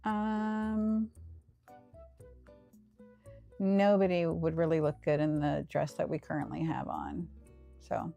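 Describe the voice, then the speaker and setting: A woman streaming a cozy game, chatting softly and unhurriedly to her viewers as she plays. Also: sits low, gravelly, rough recording. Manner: soft, unhurried, talking to viewers. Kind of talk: casual gameplay commentary. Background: faint game music.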